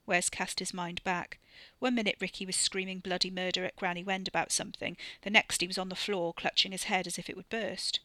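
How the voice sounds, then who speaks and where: Bright, dry-voiced woman narrating a book. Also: fairly low pitch, level tone, a little fast, few pauses, no echo. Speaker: audiobook narrator. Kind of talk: scripted narration.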